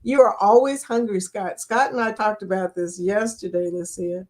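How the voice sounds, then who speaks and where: A woman's voice: medium pitch, steady tone, normal speed, a little mellow. An older woman hosting a live chat stream, reading out viewer comments in a chatty, teasing way and laughing often.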